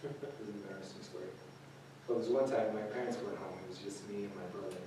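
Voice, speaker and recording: A man's voice: lowish voice, little pitch movement, fast, background noise. A man giving an informal sermon to a group, talking casually with many fillers and restarts. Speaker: youth speaker. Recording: echoey room recorded from a distance.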